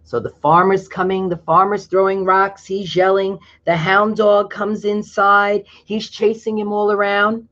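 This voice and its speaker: A reader reading a picture book aloud, often pausing to chat about the pictures. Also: mid-range voice, little pitch movement, sharp tone, lo-fi sound. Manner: pauses to explain pictures in a chatty aside. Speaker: storybook reader.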